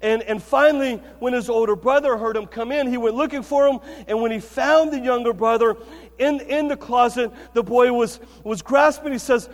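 A pastor delivers a sermon in a chatty, storytelling manner and keeps checking in with his congregation. His voice sits high for a man. The sound carries a long reverb, as in a church sanctuary. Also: normal speed. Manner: conversational, storytelling, frequent "okay" and "right".

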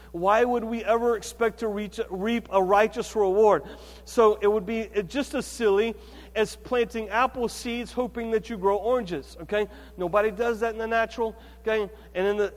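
A man preaching a sermon as the pastor, in a conversational, storytelling way with frequent check-ins to the congregation. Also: sits high. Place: church sanctuary. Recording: reverberant church hall.

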